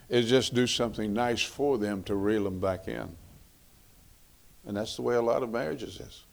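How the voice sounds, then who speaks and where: A man's voice: fairly low pitch, gravelly, a little mellow. A middle-aged man preaching a sermon on marriage in a folksy, conversational way, repeating phrases for emphasis.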